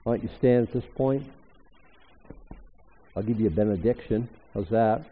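An older man preaching a sermon as pastor, emphatic and animated, rising suddenly to loud exclamations. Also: on the low side, normal speed, slightly rough. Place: church hall. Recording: echoey hall, tinny phone-like sound.

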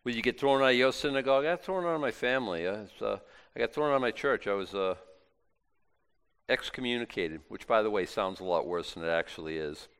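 Male preacher, lower voice, emphatic, casual delivery with restarts. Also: expressive, fast talker, a bit bright, clean tone. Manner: emphatic, conversational, with frequent restarts. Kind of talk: sermon with scripture reading.

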